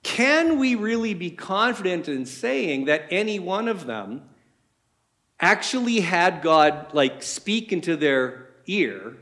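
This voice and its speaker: A man's voice: high voice, very animated, takes it slowly, a bit bright. A man preaching a sermon in a conversational way, asking his listeners many rhetorical questions.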